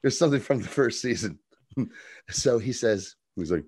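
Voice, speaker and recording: A man's voice: medium pitch, lively intonation, moderate pace, darkish tone. A man co-hosting a casual podcast, recapping a TV episode, laughing often and acting out lines. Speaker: podcast co-host.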